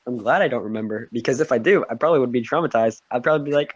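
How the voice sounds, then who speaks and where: A man's voice: mid-range voice, rapid-fire, breathy edge. A man telling a story in a casual podcast chat with friends, acting out his own reactions with lots of energy. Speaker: podcast co-host. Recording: dull lo-fi faulty mic.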